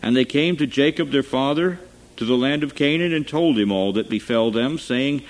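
A man reads scripture aloud with a solemn, measured delivery. His voice sits at an ordinary middle pitch for a man, steady and unhurried. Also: low-quality recording. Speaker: scripture reader. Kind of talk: scripture reading.

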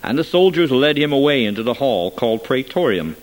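A man reads scripture aloud in a measured, solemn manner. His voice sits at an ordinary middle pitch for a man. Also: big pitch swings, low-quality recording. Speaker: scripture reader. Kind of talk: scripture reading.

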